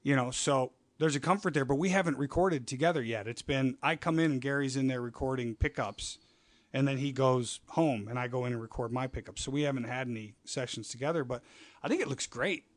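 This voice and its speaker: Animated storytelling man, dry close sound. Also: mid-range voice, a little fast, no echo. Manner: animated storyteller, acts out quoted voices, swears. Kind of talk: casual chat.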